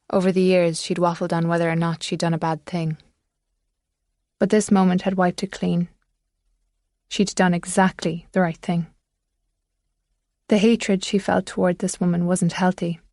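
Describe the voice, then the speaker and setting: A woman narrating a thriller audiobook in measured, scripted storytelling. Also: fairly low pitch, a little mellow, no echo, studio quality.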